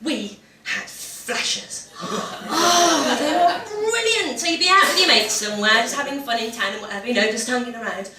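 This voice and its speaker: Woman doing stand-up, high voice, big animated storytelling, echoey club mic from far off. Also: normal speed, few pauses, background noise. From English Midlands. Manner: animated storytelling with loud exclaimed punchlines. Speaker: stand-up comedian. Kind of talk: stand-up comedy set. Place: comedy club stage. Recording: roomy live venue recorded from a distance.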